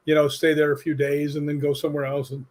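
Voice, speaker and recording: A stunt coordinator and paranormal investigator from the U.S. is the guest on an interview show, talking fast in a slightly high voice. He tells easygoing anecdotes with energy, playing out the people he quotes.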